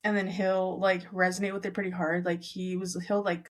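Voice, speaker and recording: A woman's voice: lowish voice, flat delivery, moderate pace. Young woman, Southern California, casual podcast guest, chatty and filler-heavy. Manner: chatty, heavy use of "like", acts out family members' lines. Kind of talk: casual chat.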